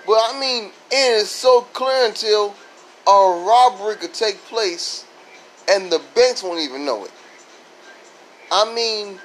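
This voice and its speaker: A man's voice: sits high, fairly bright tone, a little hiss or hum, low-quality recording. A man from Florida doing a rambling stand-up style comedy monologue, with sudden voice jumps and silly sound effects.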